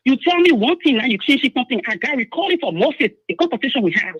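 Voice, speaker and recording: Woman caller, Liberian English, husky, rapid and lively, insistent. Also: sits high, no echo. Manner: urgent, insistent, repeats herself. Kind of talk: emotional phone-in account. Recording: dull phone line.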